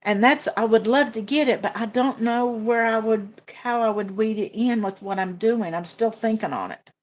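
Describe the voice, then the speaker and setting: A woman's voice: fairly high pitch, moderate pace. Chatty woman hosting a budget livestream. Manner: chatty, hesitant, many fillers and restarts. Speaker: budgeting channel host. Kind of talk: casual livestream chat reading comments.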